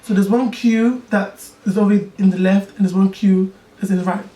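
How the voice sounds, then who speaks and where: A young man tells friends a personal story in casual chat, animated and chatty, often checking in with his listeners. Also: high-pitched, normal speed, far from the mic. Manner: animated, chatty, keeps asking "do you know what I mean". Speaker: YouTuber telling a personal story. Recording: echoey room, voice off-mic, faint hiss.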